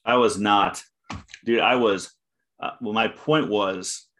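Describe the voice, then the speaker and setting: A man co-hosting a podcast in casual chat, deadpan and teasing dryly. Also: lowish voice, slow, a little hiss or hum. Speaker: podcast co-host.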